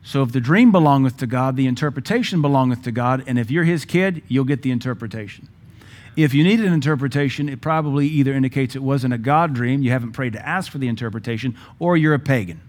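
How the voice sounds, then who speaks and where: A pastor preaching to his church in a lively, joking way. He hammers points home with sudden emphatic bursts, then drops back to plain talk, a man in mid-sermon. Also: medium pitch, quick pace.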